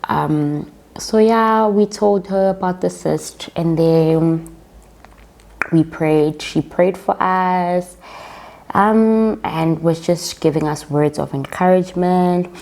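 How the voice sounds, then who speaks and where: South African woman telling a slow, chatty story. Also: on the low side, creaky. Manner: chatty, animated retelling with quoted dialogue; addresses viewers as guys. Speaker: vlogger. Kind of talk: casual storytime chat.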